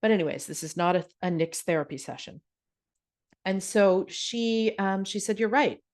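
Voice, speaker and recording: A woman's voice: mid-range voice, normal speed, a little mellow. A middle-aged woman hosting a yoga podcast, telling a personal story in a candid, casual way with frank asides. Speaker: podcast host and yoga teacher.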